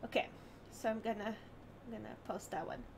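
A woman's voice: mid-range voice, lively intonation, fairly quick, gravelly, very noisy. A woman hosting a game stream, chatting casually in a giggly, bubbly way and laughing often.

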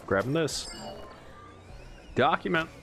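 A man giving casual let's play commentary, full of excited exclamations and chuckles. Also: a little high, takes it slowly, faint music behind.

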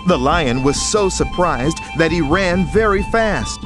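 A man narrating a children's story in a lively, expressive way. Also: on the high side, a little slow. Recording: music bed underneath.

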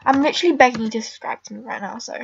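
A woman's voice: on the high side, rapid-fire, vocal fry, muffled recording, a little hiss or hum. A teenage girl chatting casually over her game recording, rambling and blunt with lots of filler words. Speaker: gamer vlogger.

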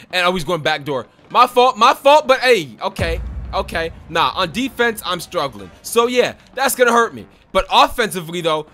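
Young male gaming creator, high-pitched and punchy, excitable play-by-play commentary. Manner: hyped, excitable trash talk with quick repeated exclamations. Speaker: gaming YouTuber. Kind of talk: gameplay commentary.

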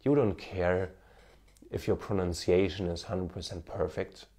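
A man's voice: low-pitched, steady tone, unhurried, warm tone. A man in his thirties with a German accent, slightly tinged with Indian, giving earnest, encouraging advice to camera, with many fillers. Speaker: marketing coach, former TV cameraman. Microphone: smartphone with an external microphone.

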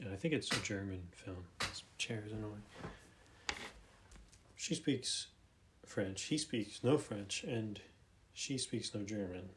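At a desk chair in a room at home, a YouTube movie commentator thinks aloud while browsing a website, hesitant and rambling with many fillers and restarts. Now and then he reads a plot summary aloud and comments on it, his lowish voice against a noisy background.

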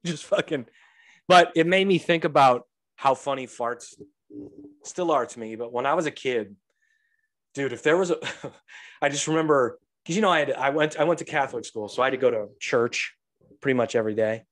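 A man and young father telling profane, animated stories on a casual podcast, acting out the voices of the people in them. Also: mid-range voice, moderate pace. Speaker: podcast co-host; father of a toddler. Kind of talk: casual storytelling.

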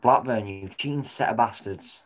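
A man reacting live to a football match as a fan vlogger. He swears often and swings between muttered comments and loud yells at the referee. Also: lowish voice, normal speed.

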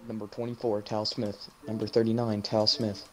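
A man doing a booming stadium announcer. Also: level tone, fairly bright tone, faint music behind, lightly acted. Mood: hyped. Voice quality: drawn-out announcer calls.

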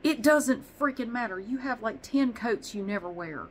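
A woman's voice: high voice, fairly quick, few pauses, slight background noise, low-quality recording. A woman vlogger chatting casually, rambling and swearing with self-deprecating humor. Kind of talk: casual chat.

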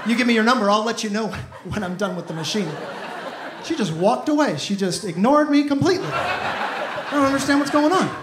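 Performing a stand-up set, this high-voiced comedian moves at a brisk clip, animatedly telling stories and voicing the dialogue himself. He's on a comedy club stage before a live crowd, in an echoey room with noisy ambience behind him.

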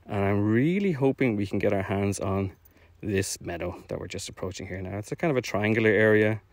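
A man's voice: on the low side, brisk, dry recording. Chatty man narrating outdoors, a little breathless. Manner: rambling, chatty, self-deprecating, many fillers. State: slightly out of breath from walking. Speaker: orchard project owner streaming drone flights. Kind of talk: casual live-stream vlog narration. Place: outdoors in fields.

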